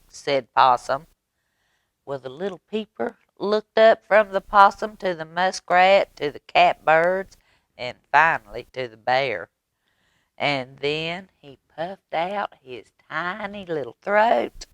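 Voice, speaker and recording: Librarian woman, storytime reader, low voice, very lively melody. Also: slow, no room sound. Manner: gentle, animated storyteller asides to children. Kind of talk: children's storytime read-aloud.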